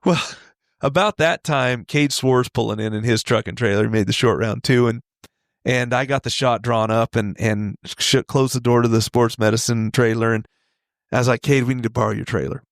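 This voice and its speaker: Guy in his 40s telling road stories, keeps cracking up, dead dry mic, middle pitch. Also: moderate pace, dry recording. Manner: animated, laughs often, acts out voices in his stories. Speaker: podcast guest, retired steer wrestler. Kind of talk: casual storytelling.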